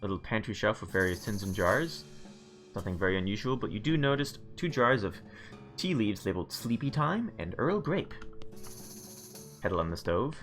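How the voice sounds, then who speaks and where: A man's voice: on the low side, fairly bright tone. A man streaming a video game, reading its narration aloud with relish and making playful comments. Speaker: let's play streamer.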